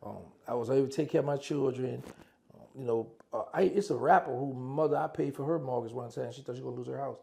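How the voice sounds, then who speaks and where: Recounting his time in prison conversationally, this man re-enacts old phone calls as back-and-forth exchanges in different voices. He speaks fast, with a gravelly, rough, dark-toned voice in an ordinary middle pitch.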